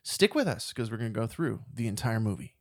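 A man's voice: lowish voice, big pitch swings, a little fast, no echo, studio quality. A man co-hosting a podcast, explaining the show format and chatting casually about a movie. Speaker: podcast co-host. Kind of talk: casual movie review chat.

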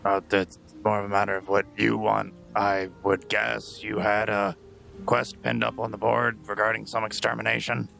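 A man's voice: on the low side, level tone, normal speed, creaky, sharp tone, a little hiss or hum. A man playing a tabletop game in character, blunt and joking. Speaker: player.

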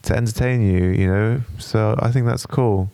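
A man hosts a casual podcast in a low, gravelly voice. He speaks hesitantly, stumbling and repeating words. The sound is close and dry. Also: steady tone, normal speed, mellow, no room sound. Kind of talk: casual chat.

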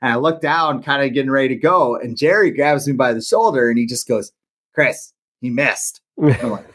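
A man's voice: mid-range voice, lively intonation, fast, a bit bright. A man co-hosting a podcast, telling a rambling story in casual chat, full of "like" and restarts. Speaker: podcast co-host.

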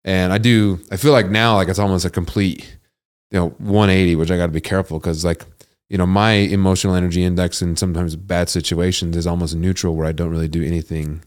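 A man in his thirties hosting a podcast interview, telling stories in a loose, animated way, full of "dude" and "like". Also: low voice, fast. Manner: animated storytelling, says "dude" and "like" a lot. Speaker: podcast host. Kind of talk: casual conversational interview.

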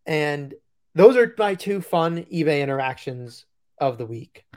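A man co-hosting a casual podcast, with a voice that sits somewhat high for a man. He rambles through his stories, leaning on "like" and "you know," and keeps slipping into quoting people in different voices. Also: animated, unhurried, darkish tone. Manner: rambling storyteller, lots of fillers and acted-out quotes. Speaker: podcast co-host. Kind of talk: casual chat.

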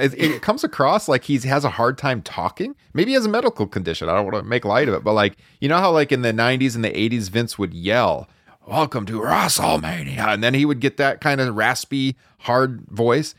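A man co-hosting a podcast who reviews wrestling in casual chat, wry and laid-back and quick to laugh. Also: mid-range voice, very animated, fairly bright tone, no echo, studio quality. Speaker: podcast co-host.

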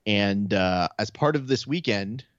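A man with a lowish voice chats casually on a podcast. He tells profane stories and slips into quoted voices of friends. The audio sounds dry and dull. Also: animated, a little slow, fairly bright tone, no room sound. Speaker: podcast co-host. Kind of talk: casual chat.

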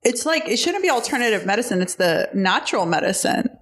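A woman's voice: fairly high pitch, big pitch swings, quick pace, husky. Candid, rambling woman guest. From Alabama, US. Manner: rambling and candid, many fillers and restarts. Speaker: guest comedian. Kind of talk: casual chat.

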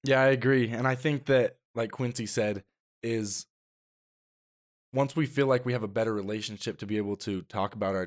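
A teenage boy talking on a podcast, his voice sitting on the low side. He speaks earnestly, restarting and stringing ideas together as he goes. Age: teens. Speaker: guest. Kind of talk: casual podcast chat.

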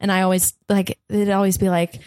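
A woman guest on a podcast telling a story in a casual way. She is animated, laughs often, swears freely and acts out the voices of the people in her story. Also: mid-range voice, a little fast, no room sound, clean studio sound.

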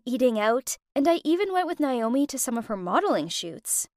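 A woman's voice: a little high, no room sound, clean studio sound. A young woman narrating a dramatic first-person story in a confiding way.

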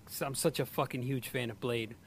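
A man in casual chat, reacting with loud exclamations, swearing and laughing often. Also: medium pitch, steady tone, brisk, gravelly, a little hiss or hum.

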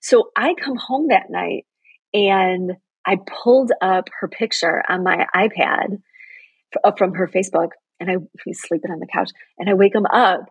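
A woman's voice: medium pitch, normal speed, gravelly, slightly rough, dry recording, poor audio. A middle-aged woman, a TV news anchor, earnestly telling a heartfelt personal story in an interview.

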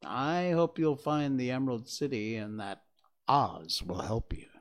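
A man's voice: mid-range voice, measured pace, lightly acted. A man voicing a kind, helpful mother stork in a storybook reading. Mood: kindly. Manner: matter-of-fact, kindly.

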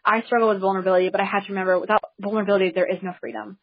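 A woman's voice: medium pitch, flat delivery, very fast, husky, dull audio. A woman hosting her first teleseminar, talking in an enthusiastic, chatty way to listeners on the call. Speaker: host of a teleseminar. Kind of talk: casual talk to listeners on a call.

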